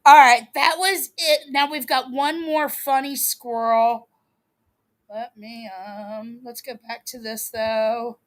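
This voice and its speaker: A woman's voice: fairly high pitch, steady tone, takes it slowly. A woman hosting a stream, commenting in a casual, amused, laid-back way on clips she plays. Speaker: host reacting to clips.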